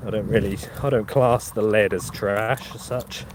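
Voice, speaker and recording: Man, Norfolk accent, lowish voice, casual live-stream chat, open field, outdoor noise. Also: steady tone, normal speed. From Norfolk, England. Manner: chatty, answers viewer chat, chuckles often. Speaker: metal detecting channel host.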